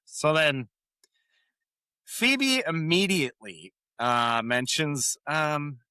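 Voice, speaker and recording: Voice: mid-range voice, expressive, extremely slow, bright, forceful tone, clear, resonant tone, no echo, clean studio sound. A podcast co-host in a casual recap chat, laughing often and acting out quoted lines while retelling scenes. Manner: acts out quoted lines in changed voices.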